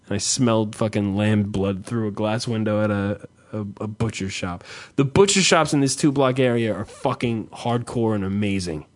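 A man's voice: on the low side, normal speed, hardly any pauses. A man telling a rambling, self-deprecating story in casual chat, swearing freely.

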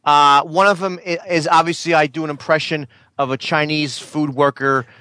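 A man's voice: fairly high pitch, fairly even intonation, pushed and bright, no echo. A man who is a regular on a comedic radio show, stammering through his stories and erupting into angry outbursts when interrupted. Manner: stammering, easily flustered, quick to angry outbursts.

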